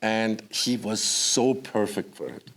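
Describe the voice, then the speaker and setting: A man who is a director guest in a press Q&A, telling stories with halting phrasing and laughter. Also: fairly low pitch, fairly even intonation, a bit bright, slight background noise. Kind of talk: casual anecdotes in a press Q&A.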